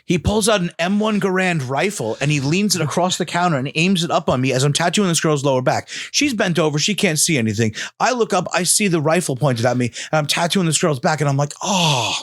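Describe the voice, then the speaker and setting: A man's voice: on the high side, lively intonation, brisk, hardly any pauses, no room sound, clean studio sound. A young adult man, a tattoo artist and podcast guest, telling a story in casual chat and acting out other people's voices.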